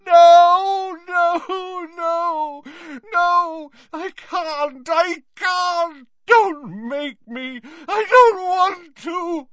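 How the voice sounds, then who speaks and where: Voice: very high-pitched, extremely slow, a bit bright, no echo, highs cut off, voice pushed up, exaggerated voice. A reader voicing an old male wizard in agony, wailing, sobbing and begging in an audiobook. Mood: screaming. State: crying out in torment. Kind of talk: audiobook character voice.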